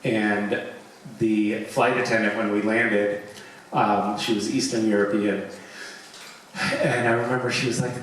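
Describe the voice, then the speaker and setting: A man's voice: on the low side, a little slow, a little hiss or hum. Man rambling in an echoey convention hall. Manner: rambling, self-mocking, animated when telling stories. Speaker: convention panel guest. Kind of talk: casual Q&A storytelling. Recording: echoey hall, taped from far off.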